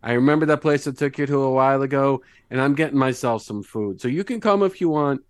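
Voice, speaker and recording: A man's voice: medium pitch, fast, clear, resonant tone, no echo, close to an everyday voice. Man playing a brash glutton, pleading, slangy, tabletop game. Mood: excited. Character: gluttonous brash male adventurer.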